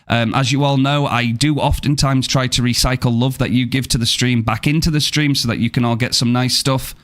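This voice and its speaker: Male streamer, casual and upbeat, chats warmly with his viewers, mid-range voice. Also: mid-range voice, fairly even intonation, fairly quick. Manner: upbeat, thanks viewers and reads chat aloud. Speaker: game streamer. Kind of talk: casual live-stream chat.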